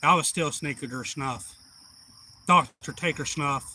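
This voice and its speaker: A man's voice: a little high, measured pace, pushed and bright, poor audio. A man telling a rambling family story on a livestream, folksy and swearing freely. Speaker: livestream host. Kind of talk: casual storytelling.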